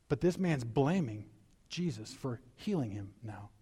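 A male pastor delivers a sermon with a slightly high-pitched voice. He builds to emphatic peaks, then drops into conversational, reflective asides. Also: normal speed, breathy edge. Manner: animated preaching, rising to emphatic peaks.

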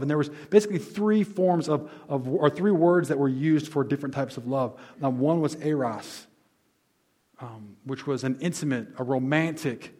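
A fairly high-pitched male pastor preaches a sermon conversationally. He explains words and restates them, dropping his voice softly on key lines.

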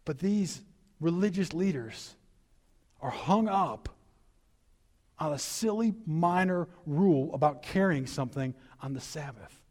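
A man preaching a sermon as pastor, animated and emphatic with conversational, reflective asides. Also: on the high side, measured pace.

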